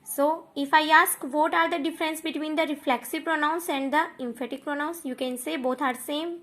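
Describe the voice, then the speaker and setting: High-voiced Indian woman teaching English grammar. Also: steady tone, normal speed, a bit bright. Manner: explains then repeats points, frequent "okay" and "understood" checks. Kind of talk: online grammar lesson.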